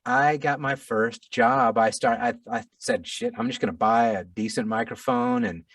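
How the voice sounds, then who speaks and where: A middle-aged man, an audiobook narrator, telling a story in a casual interview, animated and self-deprecating with frequent restarts. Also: mid-range voice, moderate pace, dry recording, recorded from a distance.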